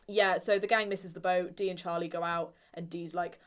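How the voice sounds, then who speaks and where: A woman with an English accent talks casually about her tabletop game character, rambling with fillers. Her voice sits a little low for a woman. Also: fairly even intonation, normal speed, few pauses, clean tone. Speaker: player.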